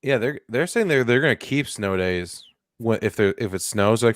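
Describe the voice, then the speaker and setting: A man co-hosting a comedy news podcast in casual chat, jokey and goofy with animated bursts. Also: mid-range voice, normal speed, no room sound, clean studio sound. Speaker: podcast co-host.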